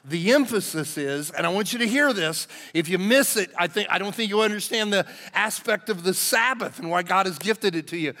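A man's voice: high voice, lively intonation, a little fast, hardly any pauses, sharp tone. A man, a pastor preaching a sermon in a folksy, joking way to his congregation. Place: church sanctuary. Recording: long hall reverb in a church.

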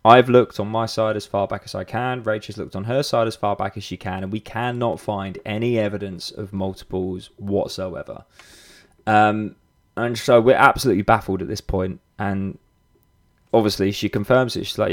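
A podcast host in his thirties talks through a personal story in a loose, unscripted way. His voice sits somewhat low for a man. He restarts sentences often, leans on fillers, and swears casually. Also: steady tone, moderate pace.

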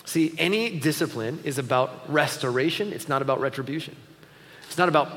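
A man preaching a conversational sermon in a large auditorium, his fairly high voice ringing out with a long hall echo. He sounds earnest and a little self-deprecating, speaking plainly to the congregation like a friend. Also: moderate pace, fairly bright tone. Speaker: pastor. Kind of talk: sermon on parenting.

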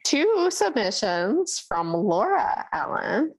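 A woman co-hosting a podcast in casual chat, talking in an animated, chatty way with frequent fillers. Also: fairly high pitch, slow, slightly rough. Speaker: podcast co-host.

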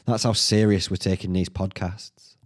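A man with a Northern English accent, hosting a solo podcast, thinking out loud in a sweary, self-mocking way. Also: deep voice, little pitch movement, normal speed. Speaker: podcast host. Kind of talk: rambling solo podcast chat.

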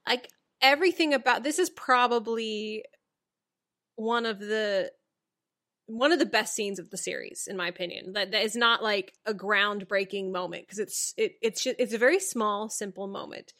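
A woman's voice: medium pitch, moderate pace, fairly bright tone. A woman in casual discussion of a TV show, thoughtfully explaining her opinions and adding short agreeing replies. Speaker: podcast co-host.

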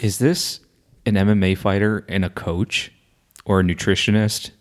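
A man's voice: fairly low pitch, steady tone, normal speed. A man co-hosting a casual podcast, laid-back and teasing, laughing a lot. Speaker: podcast co-host.

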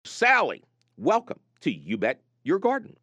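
A male radio host chats with callers in a dry studio, and his pitch swings widely as he jokes and tells stories. He sounds animated and playful throughout. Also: unhurried, no room sound. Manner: jokey, animated storyteller. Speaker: radio gardening show host. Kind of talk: casual call-in radio chat. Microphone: studio microphone.

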